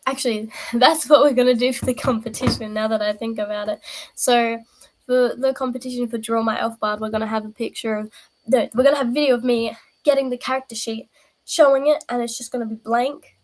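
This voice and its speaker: A woman's voice: fairly high pitch, steady tone, brisk, a little mellow, poor audio. A woman chatting casually on a live stream, rambling and interrupting herself with a playful tone.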